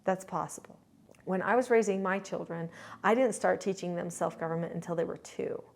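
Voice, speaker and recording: A woman's voice: lowish voice, fairly quick, gravelly. A middle-aged woman and grandmother, a parenting coach giving an earnest, chatty talk to camera. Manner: earnest, chatty, with lively quoted asides. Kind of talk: casual instructional talk to camera.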